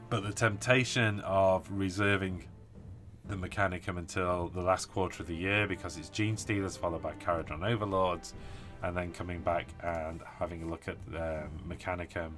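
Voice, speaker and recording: Low-voiced British man, tired. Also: a bit bright. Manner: enthusiastic, rambling with many fillers. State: tired from little sleep. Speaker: host of a tabletop wargaming live stream. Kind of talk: casual live-stream chat.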